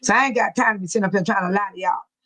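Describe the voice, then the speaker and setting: An older woman from the Chicago area, speaking Chicago-area American English, hosts a casual livestream in the United States, chatting and laughing often as she reads viewer comments aloud. Her mid-range voice is a bit bright and very fast. The audio is poor with no echo.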